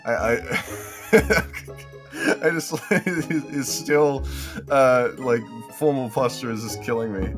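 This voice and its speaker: A co-player on a game stream chatting casually in a halting, stammering way, with faint music behind. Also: mid-range voice. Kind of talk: casual chat while playing a game.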